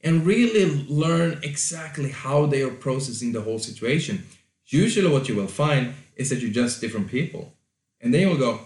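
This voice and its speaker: A man's voice: medium pitch, lively intonation, normal speed, a little mellow, roomy sound. A man talking loosely as a podcast host, giving advice with fillers, restarts and the odd swear word. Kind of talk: casual advice monologue.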